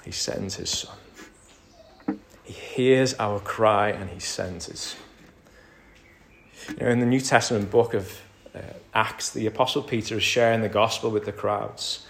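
A man's voice: lowish voice, measured pace, creaky, pauses often, a little hiss or hum. A man preaching a sermon, building to emphatic peaks and dropping to near-whispers. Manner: rises to emphatic crescendos, drops to near-whisper. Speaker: pastor.

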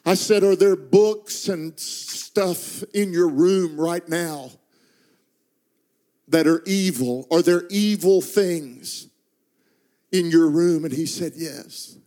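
A middle-aged pastor telling a personal story in a sermon, moving between quiet, slowed narration and rising, impassioned intensity. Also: male voice. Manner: builds from hushed, slow narration to impassioned, high-pitched intensity.

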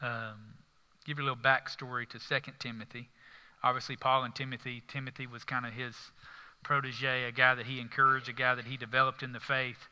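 Bright, ringing preacher in a reverberant hall. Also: male voice, mid-range voice, flat delivery, a little fast, clear, resonant tone. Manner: earnest, rising to emphatic stresses, with frequent fillers. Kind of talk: conversational sermon.

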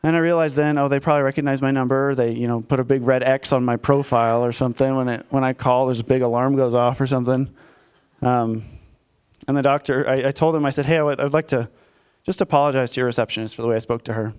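A man's voice: mid-range voice, fairly even intonation, fast talker, a little mellow, clear, resonant tone. Candid, self-deprecating male pastor. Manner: candid, self-deprecating storytelling with frequent fillers. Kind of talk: conversational sermon with personal story.

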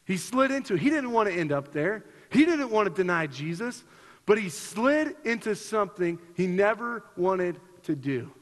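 A man's voice: sing-song, normal speed. A man preaching a sermon, earnest and repetitive, reading scripture and then reflecting on it. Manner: earnest, repeats himself, rises in pitch for emphasis. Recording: long hall reverb.

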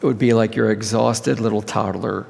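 A male pastor leading communion with an impassioned sermon, swelling to high cries and dropping to hushed tones. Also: fairly even intonation, moderate pace, vocal fry, big-room sound.

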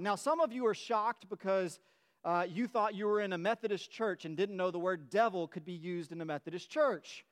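High-voiced pastor preaching with fervor. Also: male voice, moderate pace. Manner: emphatic, repeats words and restarts, voice rising with fervor. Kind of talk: sermon. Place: church sanctuary.

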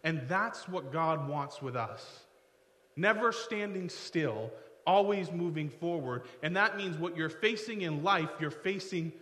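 A man's voice: a little high, expressive, a little slow, a bit bright, echoey room, big-room sound. A male pastor giving a conversational sermon, often drifting into side notes and joking at his own expense. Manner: conversational, digressive, self-deprecating asides.

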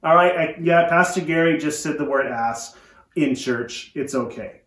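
A man with a high voice preaches in a church, retelling a story with lively energy and wry asides. His voice rings around an echoey church room. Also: normal speed. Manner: animated storytelling with joking asides. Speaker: pastor. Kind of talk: sermon.

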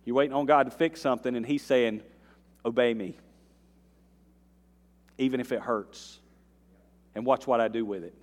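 A man preaching a sermon in a church, his voice ringing with the long reverb of a large hall. He moves between soft, earnest stretches and loud climbs in intensity, with folksy asides to the congregation. His pitch sits in a middle range for a man. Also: fairly even intonation, moderate pace, long pauses. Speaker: pastor. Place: church sanctuary.

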